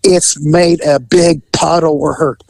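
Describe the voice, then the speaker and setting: A man hosting a podcast, telling an animated story in casual chat, acting out the voices and laughing as he goes. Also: fairly high pitch, slow, creaky, dry recording, rough recording.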